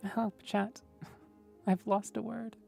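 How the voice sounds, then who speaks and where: Slow, mellow-voiced woman streamer. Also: medium pitch, level tone, gravelly, faint music behind. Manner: gentle, thoughtful, explaining, often adds "right?". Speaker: streamer host. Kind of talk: casual livestream chat about voice technique.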